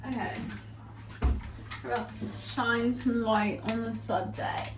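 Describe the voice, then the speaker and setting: Young woman vlogger, higher-pitched, chatty and rambly, roomy home sound, faint room noise. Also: fairly even intonation, slow, distant mic. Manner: chatty, rambling, full of "like" and "literally". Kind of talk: casual storytime vlog.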